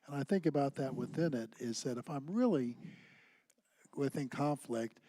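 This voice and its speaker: A man with an ordinary middle-range voice co-teaches a church class. He tells personal stories in a lively, anecdotal way, and the recording is dry and close. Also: mid-range voice, normal speed, no room sound. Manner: anecdotal, animated storyteller. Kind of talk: conversational church class talk.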